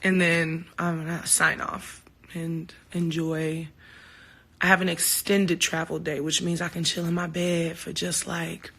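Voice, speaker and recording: A woman's voice: lowish voice, a little slow, slightly rough. A woman talking to fans on a phone livestream, candid and heartfelt, swearing freely and telling stories with quoted back-and-forth. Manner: animated storytelling with quoted exchanges. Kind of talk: casual livestream talk. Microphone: phone camera.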